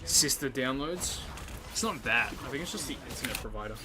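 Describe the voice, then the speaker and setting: A man's voice: medium pitch, expressive, fairly quick, background noise. A young man, casually commenting on gameplay while ranting with lots of swearing and fillers. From Australia. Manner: ranting, profane, frequent fillers. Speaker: gaming streamer.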